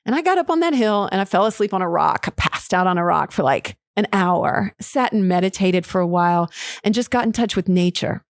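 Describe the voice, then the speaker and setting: A woman's voice: medium pitch, lively intonation, a little fast, no room sound, clean studio sound. A woman hosting her own podcast, telling a personal story in a candid, emotional way, swearing casually and laughing often. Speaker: podcast host.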